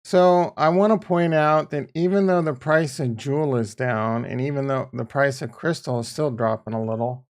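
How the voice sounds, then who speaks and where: A man talking casually about his crypto yield farm, blunt and profane, swinging from quiet muttering to heated ranting. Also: medium pitch. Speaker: crypto YouTuber. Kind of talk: casual screen-share commentary.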